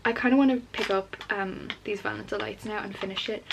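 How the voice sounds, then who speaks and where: A young woman vlogging casually about books, gushing and excitable, with lots of filler words. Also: medium pitch, a little fast, creaky, muffled recording, noisy background. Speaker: book vlogger. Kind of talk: casual unboxing chat.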